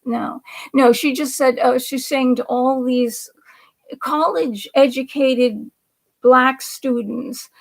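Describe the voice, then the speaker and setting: A woman's voice: sits high, creaky. A woman hosting a livestream, giving rambling political commentary in an indignant, sarcastic way, with repeated asides and some words dropped to a whisper. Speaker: livestream host.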